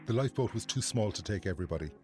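A man narrating a documentary in a measured, even storytelling manner. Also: on the low side, soft background music. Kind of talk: scripted narration.

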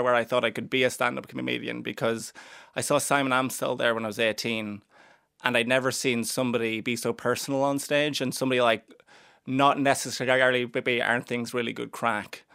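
A young stand-up comic from Cavan in Ireland is a guest on a radio interview, joking about himself in a dry way. His clean, fairly bright mid-range voice has vocal fry, and his stammer produces repeated sounds in this dry recording.

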